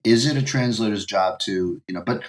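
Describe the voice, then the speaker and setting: A man's voice: on the low side, brisk. A man from the United States, a professional game localizer, talking casually as a podcast guest and rambling with many restarts and "you know"s. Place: home in Japan, remote call.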